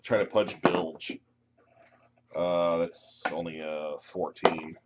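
Guy gm running a tabletop game, lowish voice, laid back, muffled lo-fi recording. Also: level tone, slow, noisy background. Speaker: game master. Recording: dull lo-fi room recording.

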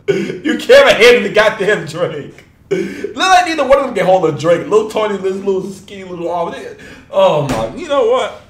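A man hosting a music reaction video, talking casually, laughing a lot and bursting out in loud, profane disbelief. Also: sits high, very animated, moderate pace, reverberant. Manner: laughs often, loud incredulous outbursts, profane.

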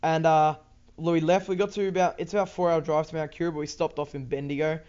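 A man's voice: a little high, steady tone, fast talker, darkish tone, clear, resonant tone, muffled recording. A teenage boy with an Australian accent, rambling casually over gameplay with lots of ums, restarts and swearing. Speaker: gaming YouTuber.

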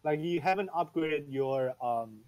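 A man's voice: on the high side, lively intonation, unhurried, a little mellow, dry recording, muffled recording. A man chatting casually with a friend while playing a game. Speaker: gamer. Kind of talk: casual gameplay chat.

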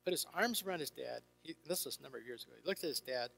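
Older guy counselor, bright forceful voice, animated storyteller, reverby hall w/ faint music in back. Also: medium pitch, very fast, gravelly. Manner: animated, acts out dialogue in shifting voices. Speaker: Christian counselor and speaker. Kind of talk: storytelling talk to an audience.

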